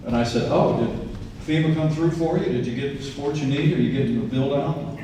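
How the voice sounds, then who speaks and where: A man's voice: mid-range voice, fairly quick, warm tone, a little hiss or hum. Earnest man speaking in an echoey hall. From Indiana. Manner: earnest storytelling with folksy asides. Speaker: politician giving a campaign speech. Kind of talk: campaign stump speech. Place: event venue, large indoor room. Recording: echoey hall, distant mic.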